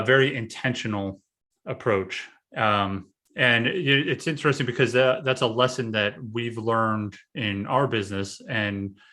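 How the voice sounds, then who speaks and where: A man with a lowish, forceful and bright voice talks in a casual podcast conversation. He hesitates often, restarting phrases and filling pauses with ums and likes as he works out his thoughts. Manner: halting, many fillers and restarts. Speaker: podcast host, guest this episode.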